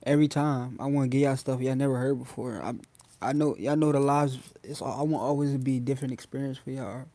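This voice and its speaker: A man's voice: medium pitch, steady tone, fast, dark tone, no echo. A young man hosting a casual phone livestream, talking loosely in slang and addressing his viewers again and again. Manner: loose slangy talk, addresses chat often. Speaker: livestream host.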